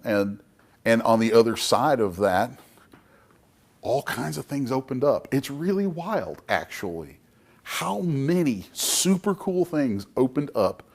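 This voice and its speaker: A middle-aged man with a mid-range voice speaks as a guest comic book creator at a public talk. He's emphatic and folksy, with a motivational streak.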